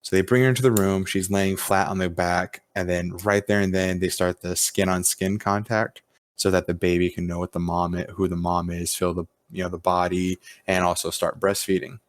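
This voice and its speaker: A man's voice: low-pitched, no echo. A man hosting a podcast, telling a casual story with acted-out quotes and plenty of swearing. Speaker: podcast host. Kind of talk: casual chat.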